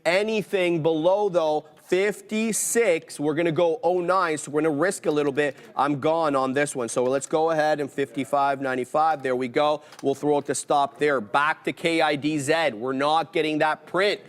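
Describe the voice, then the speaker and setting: An energetic man narrates his trades live, calling out price prints and stops in rapid play-by-play. His voice sits a little high for a man, and it jumps with excitement when a fill comes in. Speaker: live trading stream host. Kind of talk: live trading commentary.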